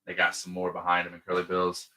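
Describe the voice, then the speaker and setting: A man's voice: deep voice, monotone, fast talker, sharp tone. A man co-hosting a podcast, retelling a movie scene by scene in casual, rambling chat full of fillers. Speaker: podcast co-host. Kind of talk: casual film-recap chat.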